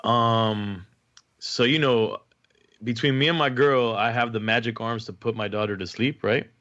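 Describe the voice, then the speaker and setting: A young man co-hosts a casual podcast, talking in a relaxed, easygoing way. His voice is bright and forward. The recording is a little muffled. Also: mid-range voice, measured pace. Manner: laid-back, laughs easily. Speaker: podcast co-host. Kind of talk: casual chat.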